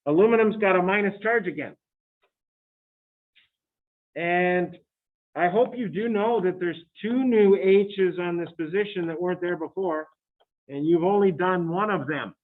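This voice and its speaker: A fairly high-voiced man teaching chemistry in a relaxed, chatty way and breaking into joking asides to his students. His recording sounds thin and tinny, like it came down a phone line. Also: measured pace, pauses often. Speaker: chemistry lecturer. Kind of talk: recorded lecture. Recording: tinny phone-like lecture audio.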